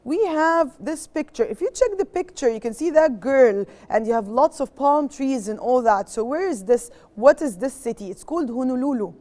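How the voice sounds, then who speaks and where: A woman's voice: high voice, expressive, moderate pace, hardly any pauses, warm tone. A young woman with an Egyptian accent teaching an English lesson to young pupils, switching between English and Arabic, repeating key words and checking with "okay?".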